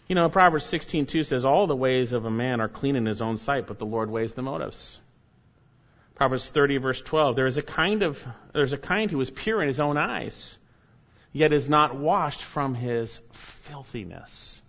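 A man's voice: medium pitch, moderate pace, lo-fi sound. A man preaching a sermon, reading scripture aloud and commenting on it emphatically with rhetorical questions. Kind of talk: expository sermon.

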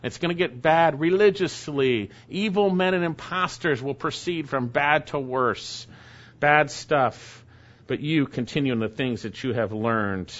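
A man's voice: fairly high pitch, a bit bright. Man preaching, dull lo-fi sound. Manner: reads scripture slowly, then explains in plain casual asides. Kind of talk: expository sermon.

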